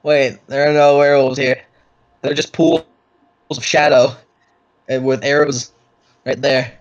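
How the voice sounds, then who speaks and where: A man's voice: mid-range voice, little pitch movement, a little slow, lo-fi sound. A man narrating a tabletop game as game master, loose and rambling, with lots of fillers and swearing.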